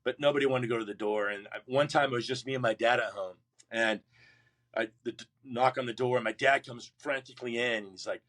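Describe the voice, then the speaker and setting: Speaking fairly quickly at a medium pitch, a middle-aged Marine veteran shares his life story during an interview. His delivery is lively, full of acted-out quotes and frequent false starts.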